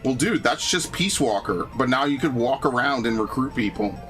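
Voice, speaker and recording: A man's voice: mid-range voice, moderate pace, soft background music. A young man hosting a gaming channel, chatting casually and ranting with lots of swearing and "bro.". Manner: animated ranting, profane, frequent "bro" and "dude". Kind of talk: casual chat over gameplay.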